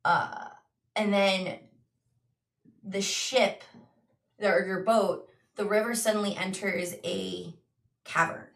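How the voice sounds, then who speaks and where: A woman game master slowly narrating a tabletop dream scene, with small restarts. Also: medium pitch, fairly even intonation, vocal fry, recorded from a distance. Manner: slow, descriptive storytelling with restarts. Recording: echoey room, voice off-mic.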